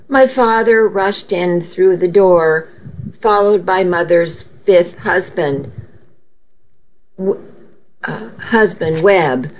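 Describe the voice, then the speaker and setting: A woman reading a first-person story aloud, unhurried and now and then correcting her slips aloud. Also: medium pitch, dull audio. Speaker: reader.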